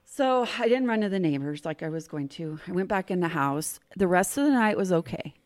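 Brief: middle-aged woman, podcast guest, lively storyteller whose pitch swings widely. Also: a little fast. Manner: animated, vivid storyteller. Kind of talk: telling a personal story in casual chat.

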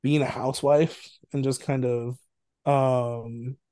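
A man with a mellow, warm voice chats casually on a podcast, retelling a film's big scenes with animated energy and the odd laugh. The sound is dry and close. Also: medium pitch, takes it slowly, dry recording. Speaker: podcast co-host. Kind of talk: casual film review chat.

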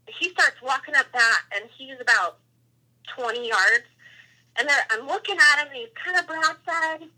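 A woman recounts a hunt in a casual, animated way, acting out the quotes and the animal calls. Her voice is very bright and sits a little high for a woman. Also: husky, rough recording. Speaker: hunter telling a story. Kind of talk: casual storytelling.

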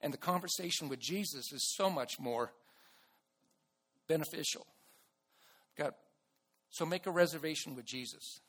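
A man preaching a sermon to his church in an earnest way, with restarts and bursts of loud emphasis. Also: on the high side, moderate pace, pauses often, breathy edge. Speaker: pastor.

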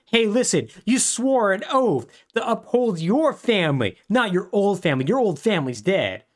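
A man's voice: high voice, sing-song, moderate pace, pitched above the performer's own voice. A man putting on a stern male mafia boss who demands loyalty while recapping a game story in casual chat.

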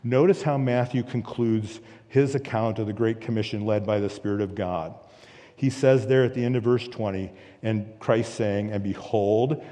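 A man's voice: on the low side, warm tone. A man preaching a sermon as pastor, earnest and emphatic, with repeated phrases and rhetorical questions. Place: church sanctuary. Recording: long reverb of a church hall.

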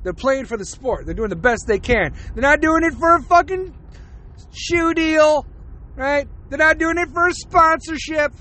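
High, bright-voiced man ranting. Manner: profane, laughs between rants. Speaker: podcast host. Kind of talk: casual ranting monologue.

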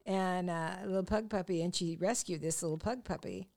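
A middle-aged woman co-hosting a podcast, telling stories in a chatty, lively way and often breaking into laughter. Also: on the low side, brisk. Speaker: podcast co-host and comedian. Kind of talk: casual podcast chat.

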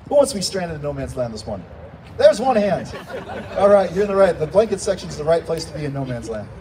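A male pastor preaching a sermon in a church, animated and climbing into shouts when he voices a plea. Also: fairly high pitch, fast, a crowd in the background. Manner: animated, rising to shouts when quoting pleas. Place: church sanctuary. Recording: distant mic with faint room noise.

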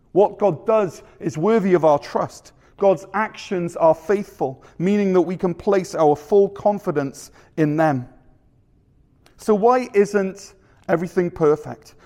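A man from Canada delivers a Sunday sermon in a church, his voice sitting a little higher than most men's. He preaches in a measured way, posing rhetorical questions to the congregation. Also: a little mellow. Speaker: pastor. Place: church sanctuary.

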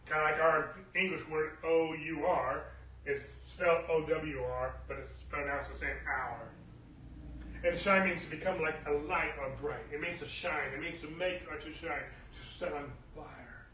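A man preaching a sermon to a church, moving from soft scripture reading to loud, emphatic calls. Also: fairly high pitch, moderate pace, recorded from a distance. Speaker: pastor. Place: church hall. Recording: roomy echo, voice from off the mic.

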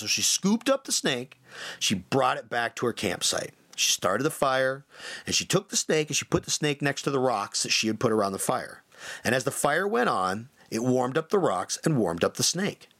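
A man hosting a podcast, telling a story casually with many fillers and lively shifts in tone. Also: mid-range voice. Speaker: podcast host.

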